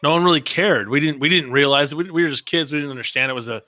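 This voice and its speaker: A man's voice: a little high, rapid-fire, pushed and bright, dry recording. A man co-hosting a podcast in laid-back, profane casual chat. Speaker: podcast co-host.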